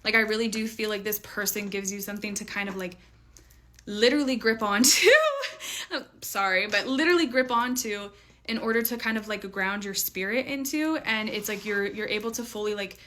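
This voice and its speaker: A woman's voice: medium pitch, fairly even intonation, a little fast, sharp tone. A woman giving a casual, chatty tarot reading to her viewers, full of fillers and playful asides. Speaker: tarot reader.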